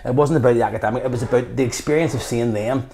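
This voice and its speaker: A man's voice: medium pitch, rapid-fire, slight background noise. A man in his fifties with a Belfast accent, a guest in an interview telling his stories with passion and acting out what people said. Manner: passionate, animated storyteller who acts out quotes. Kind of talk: conversational interview.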